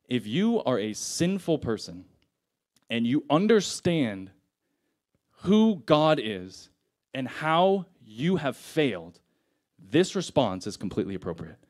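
A man's voice: medium pitch, sing-song, slow, long pauses. A young man preaching a sermon in a casual, conversational way, retelling scripture in everyday slang.

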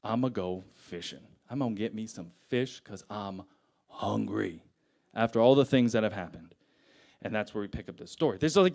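A young man preaching a sermon in a casual, conversational way, retelling scripture in everyday slang. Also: mid-range voice.

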